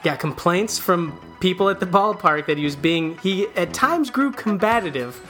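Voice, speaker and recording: A man's voice: sits high, expressive, moderate pace, pushed and bright, soft background music. A man co-hosting a casual sports podcast, rambling and correcting himself as he talks and chuckling often. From American Midwest. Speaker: podcast co-host.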